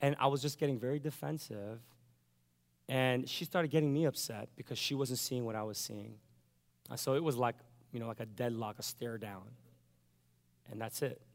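A man's voice: medium pitch, steady tone, moderate pace, big-room sound. A pastor telling a personal story in a sermon, acting out his own thoughts and the lines of others as he goes.

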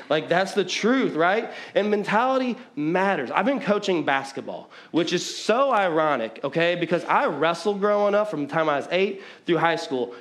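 A man preaching to his congregation with a loose, conversational delivery. He pokes fun at himself and jumps into emphatic bursts. His voice sits slightly higher than most men's. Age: adult, married with children. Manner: conversational, self-mocking, lively preaching. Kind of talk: sermon.

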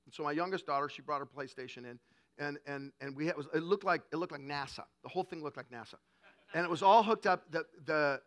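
A middle-aged man preaching a sermon as pastor, swinging between loud emphatic points and quiet asides. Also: a little high.

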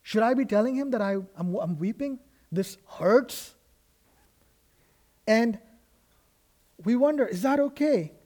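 A man's voice: very high-pitched, lively intonation, measured pace, long pauses, a little mellow. A man preaching a sermon as a guest pastor in a church, earnest and emphatic, with frequent restarts. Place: church sanctuary.

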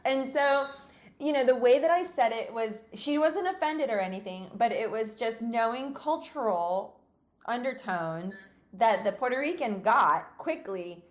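A woman's voice: a little high, expressive, a little slow. A woman hosting a casual conversation, telling stories expressively and laughing often. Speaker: podcast host.

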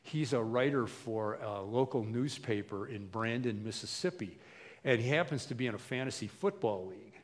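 A man preaching a sermon as a pastor, animated and conversational, often acting out the people he quotes. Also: medium pitch, normal speed. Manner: animated, acts out quotes in voices. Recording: long hall reverb.

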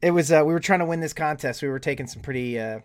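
A man co-hosting an interview, animated and quick to laugh. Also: on the high side. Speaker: podcast co-host. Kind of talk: casual interview chat.

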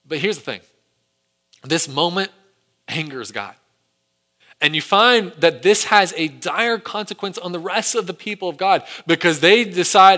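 A male pastor preaching a sermon, retelling a story with animated delivery and acted quotes. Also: high-pitched, normal speed.

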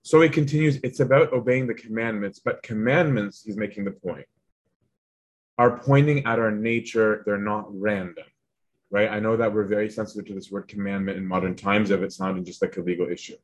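A man's voice: fairly low pitch, brisk. A man giving an informal spiritual lesson in a conversational way, often checking in with "right?" and retelling a text with animation. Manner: conversational, tags lines with "right?". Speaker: teacher.

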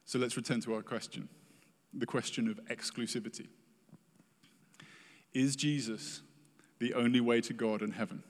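A man's voice: mid-range voice, steady tone, moderate pace, long pauses, in a large hall. A man preaching a sermon in an earnest, emphatic way, acting out quoted prayers and words.

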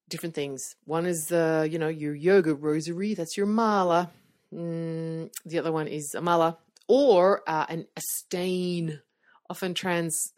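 A middle-aged woman hosting a podcast from her bedroom, chatting casually with lots of fillers and restarts. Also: on the low side. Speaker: podcast host. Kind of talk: casual solo podcast talk. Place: bedroom, seated on bed.

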